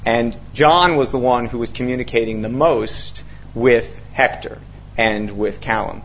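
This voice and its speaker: An author tells a long story to an audience in a mid-range, slightly slow male voice, animatedly acting out what people said with many fillers and restarts. It's storytelling talk with quoted dialogue, captured on a dull lo-fi recording with slight background noise.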